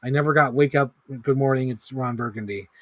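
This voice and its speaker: A man in his thirties at a middle pitch, riffing loosely on a live stream as he ranks films. He rambles, swears freely and leans on "like" constantly. The sound is dry and close, with no room echo. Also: fairly quick, fairly bright tone. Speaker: movie ranking streamer. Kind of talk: casual livestream commentary.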